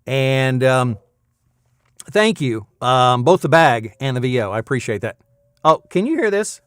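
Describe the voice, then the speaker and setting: A man's voice: medium pitch, animated, unhurried, fairly bright tone, clear, resonant tone, no echo, clean studio sound. A man in his fifties, a voice actor hosting his weekly vlog from his insulated home booth, chatting casually and slipping into playful game-show hype. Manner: playful, chatty, breaks into mock announcer hype. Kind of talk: casual chat with a hammy game-show giveaway.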